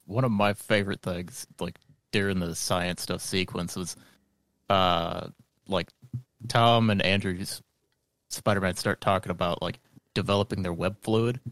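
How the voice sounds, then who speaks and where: Eager low-voiced man, dry close sound. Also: steady tone, unhurried, fairly bright tone, no room sound. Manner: eager, casual, says "dude" and "like". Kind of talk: casual chat.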